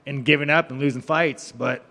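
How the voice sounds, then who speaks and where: A man's voice: mid-range voice, fairly even intonation, normal speed, vocal fry, sharp tone, big-room sound. A man, a fighter answering reporters, talking in a brash, profane, rambling and joking way. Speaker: fighter at a press event. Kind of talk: media scrum answers.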